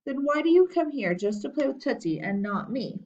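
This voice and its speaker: An eager little boy with a high, chirpy voice, bouncing all over in pitch, as a woman reads him aloud. He sounds pushy and excitable. The recording is dull and distant. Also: a little fast.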